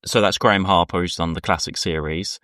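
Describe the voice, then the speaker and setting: Deep and fairly bright, this man's voice moves quickly with fairly even intonation as he co-hosts a podcast. His talk is a casual, rambling run of anecdotes in which he acts out whoever he's quoting. It's a dry recording with clean studio sound.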